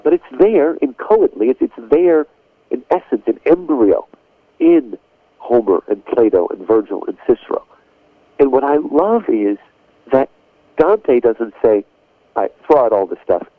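A man's voice: medium pitch, very animated, measured pace, no echo. A man speaking as a guest on a radio interview, explaining ideas in an earnest, emphatic way. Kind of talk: radio interview, lecturing on literature and theology. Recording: phone-line call on radio, dry.

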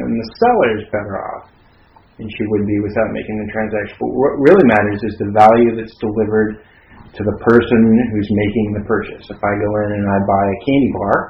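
Hesitant man in an echoey room. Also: fairly low pitch. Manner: reflective, hesitant, builds analogies. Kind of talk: casual academic discussion. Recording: roomy, dull sound with faint noise.

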